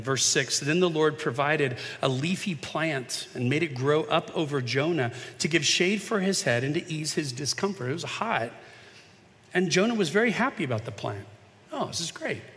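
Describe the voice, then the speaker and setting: A man preaching a sermon in a conversational way, moving from hushed asides to emphatic points. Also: on the high side. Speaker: pastor. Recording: long reverb of a large hall.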